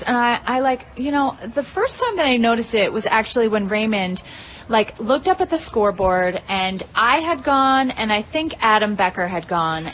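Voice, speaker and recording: A woman with a fairly high voice tells her own story in a casual monologue. Her pitch leaps around constantly as she gushes, peppering every thought with "like" and the occasional swear word. She sounds thrilled with herself the whole way through. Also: slight background noise. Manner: excitable, gushing, swears freely; uses many fillers like "like" and "you know". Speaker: pinball player telling a tournament story.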